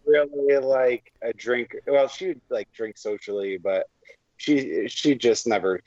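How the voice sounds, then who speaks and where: A man's voice: medium pitch, unhurried, a little mellow, dry recording, highs cut off. A male podcast guest telling a story in casual chat, laid-back and full of filler words.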